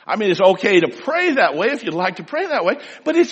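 A man preaching a sermon to a congregation in a large hall, telling stories in a lively way and addressing the listeners directly. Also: high voice, brisk, hardly any pauses, slightly rough. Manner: animated storytelling, acts out loud pleading prayers. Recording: long hall reverb.

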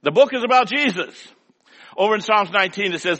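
A man's voice: high voice, expressive, fairly quick, fairly bright tone, in a large hall. An older man preaching a sermon in a folksy, rhythmic way, with lots of repetition. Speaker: pastor.

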